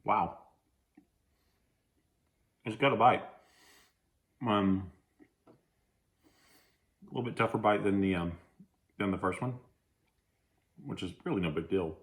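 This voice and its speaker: A man's voice: on the low side, slow, long pauses. Chatty Texan man reviewing snacks. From Texas. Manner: chatty, rambling, with frequent restarts. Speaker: food reviewer. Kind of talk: casual food-tasting vlog. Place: at home.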